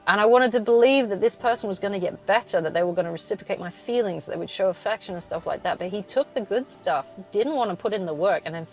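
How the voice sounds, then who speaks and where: A young woman speaks bluntly and swears freely as she vents on her podcast, breaking into laughs between points. Her voice sits in a middle pitch, and faint music plays under her. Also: quick pace, hardly any pauses. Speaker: podcast host. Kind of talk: solo venting podcast. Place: in a car.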